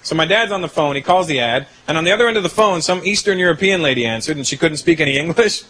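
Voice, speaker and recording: A man performing a stand-up comedy routine on stage, animated and conversational, building to punchlines. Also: fairly high pitch, quick pace. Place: comedy stage before a live audience. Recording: live show, loud audience laughter and noise.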